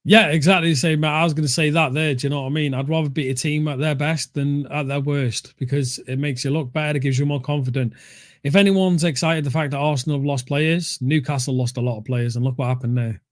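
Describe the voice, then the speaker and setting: A blunt, opinionated man chatting about football on a fan show. His voice sits a little high, and the sound is close and dry with no room echo. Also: fairly even intonation, fast talker. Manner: blunt, opinionated, says mate a lot. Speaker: co-host of a fan talk show. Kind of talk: casual football chat.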